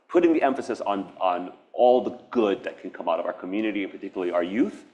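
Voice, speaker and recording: A man's voice: low voice, fast talker, hardly any pauses, a little mellow, muffled recording. A man from Hawaii giving a public artist talk, reflective and earnest, wandering between thoughts with restarts and laughs. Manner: meandering, nonlinear, with frequent restarts and laughs. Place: university event space.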